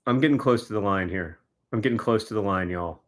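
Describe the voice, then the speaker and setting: A man's voice: lowish voice, a little fast. A man, chatting casually on a livestream, giving exasperated, wry running commentary to viewers. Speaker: livestreamer signing autographs.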